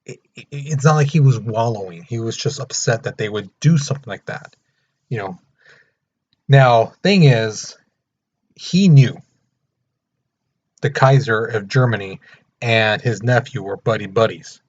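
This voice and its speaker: A man teaching a history lesson in a casual, animated storytelling way. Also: mid-range voice, measured pace, long pauses. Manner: animated, storytelling, acting out the countries. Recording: muffled lo-fi recording.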